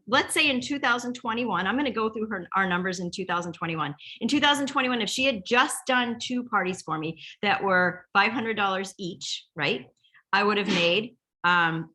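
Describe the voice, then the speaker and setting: Speaking in a mid-range voice with a sharp tone, a middle-aged direct sales team leader gives her team a motivational training talk. She rambles chattily and tells stories throughout.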